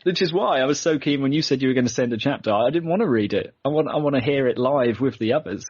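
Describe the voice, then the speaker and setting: British man, husky, chatty podcast host. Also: medium pitch, quick pace, darkish tone, no echo, dull audio. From Britain. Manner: chatty, laughing easily, self-deprecating. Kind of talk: casual chat.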